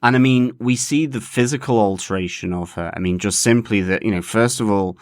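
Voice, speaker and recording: Low-voiced man co-hosting a podcast. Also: dry recording, studio quality. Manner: measured, restarts, stretches key words. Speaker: podcast co-host. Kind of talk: casual TV review chat.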